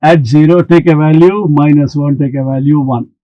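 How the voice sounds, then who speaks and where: Answering imaginary students as he goes, a man works through a maths lesson one step at a time, slowly and deliberately. His slightly high voice holds a steady tone, and the audio is dull with no echo.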